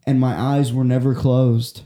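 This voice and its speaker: A mid-range, mellow voice with little pitch movement belongs to a young man telling an extended personal story, unhurried, in casual chat. His telling is rambling and profane, with frequent restarts, and the room sounds echoey.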